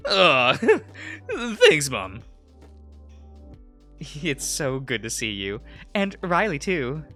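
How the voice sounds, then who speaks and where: A man's voice: a little high, huge pitch swings, extremely slow, sharp tone, faint music behind, voice pushed up, full character voice. A man voicing a cheerful young male furry sailor, talking in an upbeat, friendly way.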